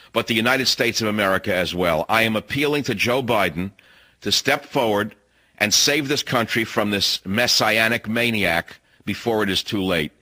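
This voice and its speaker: A man's voice: lowish voice, bright, forceful tone, no echo. Emphatic male talk radio host, dry. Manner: emphatic, hammering repetition and rhetorical questions. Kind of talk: opinionated radio monologue. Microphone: studio microphone.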